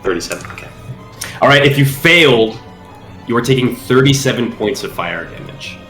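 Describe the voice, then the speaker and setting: A man running a tabletop game over a call, getting over a cold, relaxed and working out the rules aloud. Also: medium pitch, moderate pace, reverberant, faint music behind, rough recording. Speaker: game master.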